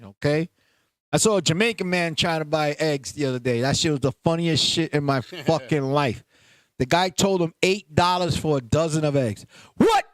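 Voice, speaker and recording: Brief: high-pitched NY man, 50s, loud profane show host, dry close sound. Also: moderate pace, dry recording. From Puerto Rico heritage, New York. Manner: loud, animated, profane storyteller. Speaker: podcast host. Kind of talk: casual banter.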